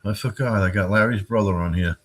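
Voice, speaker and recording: Speaking briskly over a little hiss or hum, a middle-aged man rambles on his own livestream. The host is jokey and tells stories, his voice now and then swinging up into high, squeaky bits.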